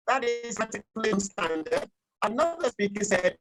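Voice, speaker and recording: Woman, mid-pitched, deliberate, pedantic, formal meeting report, video call. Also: lively intonation, rough recording. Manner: deliberate, pedantic, corrects pronunciation and grammar. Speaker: grammarian at a club meeting.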